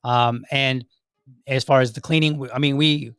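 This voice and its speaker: A man's voice: mid-range voice, steady tone, moderate pace, fairly bright tone, clear, resonant tone, no echo. Rambling male podcast host, dry sound. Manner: rambling, self-correcting, acts out little dialogues. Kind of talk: casual solo commentary.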